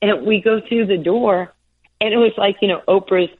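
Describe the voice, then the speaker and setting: A woman's voice: mid-range voice, normal speed, breathy edge. A woman in her sixties from New York, a former basketball player, telling stories in an interview, laughing often and acting out the voices of the people she quotes. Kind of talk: storytelling interview. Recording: tinny phone-line sound.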